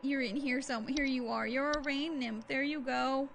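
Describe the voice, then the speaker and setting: A woman's voice: high voice, steady tone, normal speed, gravelly, a bit bright, a little hiss or hum. A woman streaming a game in casual, chatty commentary, easily startled into gasps and squeals.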